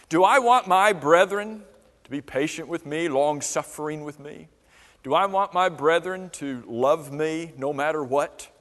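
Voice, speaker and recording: A man's voice: a little high, a bit bright. A man teaching a church Bible class, asking the class question after question. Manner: asks the class many questions. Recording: long reverb of a church hall.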